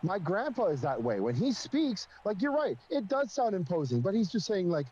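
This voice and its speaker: A man's voice: high-pitched, very animated, normal speed, hardly any pauses, a little mellow, highs cut off. A man chatting casually on a stream, rambling with many restarts and fillers. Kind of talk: casual chat.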